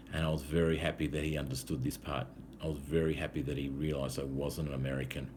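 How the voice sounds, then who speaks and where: A man's voice: very deep voice, steady tone, fairly quick, a little mellow, slight background noise. An Australian man, an English teacher, telling a true travel story to learners in an easygoing way with frequent filler sounds. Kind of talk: casual storytelling for language learners.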